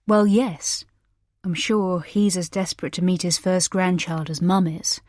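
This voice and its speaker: A woman's voice: on the low side, fairly even intonation, unhurried, a little mellow, no room sound, clean studio sound, lightly acted. Eager, placating young husband, as a woman reads him. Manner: hopeful, pleading.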